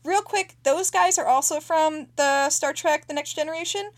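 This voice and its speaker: High-voiced woman chatting animatedly. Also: moderate pace. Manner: animated, acts out characters' lines, swears casually. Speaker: podcast co-host. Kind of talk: casual chat recapping a TV episode.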